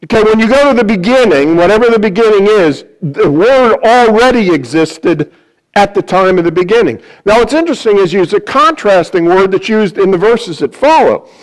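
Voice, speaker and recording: Male pastor, high voice, casual sermon delivery, acts out quoted lines. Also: expressive, moderate pace, rough recording. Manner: conversational, acts out quoted voices, many restarts. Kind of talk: sermon-style Bible teaching.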